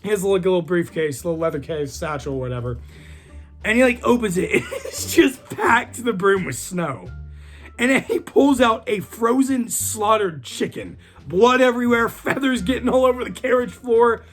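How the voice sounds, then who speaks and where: Man, casual storytelling, a bit higher voice, faint music underneath. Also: animated, normal speed. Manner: rambling, many fillers, profane. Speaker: storyteller vlogger.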